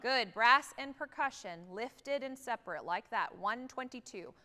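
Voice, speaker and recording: A woman conducting a high school band rehearsal, energetic and singing rhythms aloud to demonstrate them. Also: measured pace. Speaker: guest conductor. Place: large theatre stage. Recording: reverberant hall.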